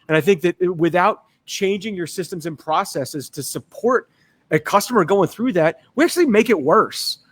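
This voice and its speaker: High-voiced energetic man telling stories. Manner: energetic, fast-talking, acts out voices in anecdotes. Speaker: guest. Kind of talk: casual storytelling in a talk.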